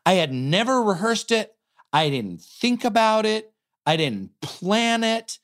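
An American man who is an actor, co-hosting a casual podcast. His voice sits slightly high for a man, and he tells stories with animated, self-amused energy. He chats loosely and freely. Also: takes it slowly. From United States. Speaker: co-host, actor. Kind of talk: casual podcast chat, storytelling.

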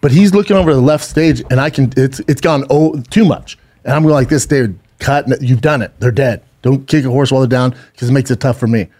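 A man's voice: mid-range voice, a little fast, hardly any pauses, darkish tone. A man co-hosting a podcast, telling a story in casual chat, acting out quotes and swearing freely. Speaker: podcast co-host.

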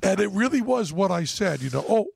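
A man's voice: high-pitched, big pitch swings, brisk, creaky, breathy edge. A middle-aged man from New England hosting a casual backstage chat, blustering and swearing freely. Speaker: podcast host.

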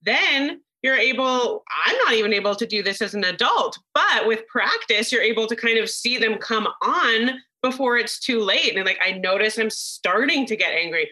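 Woman, 30s, parenting expert, bright, slightly high voice, emphatic and eager. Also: expressive, normal speed, few pauses, low-quality recording. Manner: emphatic, enthusiastic. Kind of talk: casual podcast chat.

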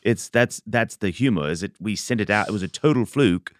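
A man playing Santa Claus as a podcast guest, telling deadpan tall tales with playful asides. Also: on the low side, a little fast, close to an everyday voice. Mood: joking. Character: jolly male Santa Claus, joking and tall-tale telling. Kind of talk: comedic in-character interview. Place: studio.

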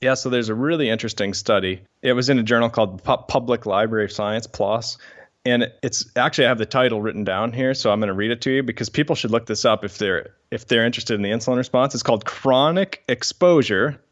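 A man's voice: mid-range voice, fast talker, dull audio. A man who is a scientist, talking as a guest on a podcast and eagerly explaining research studies in detail. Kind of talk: casual podcast interview.

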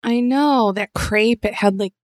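A woman's voice: a little high, a little slow, darkish tone, no echo. Wry woman podcast co-host. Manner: wry, crude jokes, frequent exclamations. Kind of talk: casual chat.

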